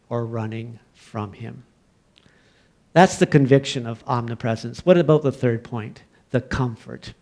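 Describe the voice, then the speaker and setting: A middle-aged Canadian man preaching a sermon, telling a story from his own childhood and building to loud, emphatic preaching. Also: mid-range voice. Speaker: pastor.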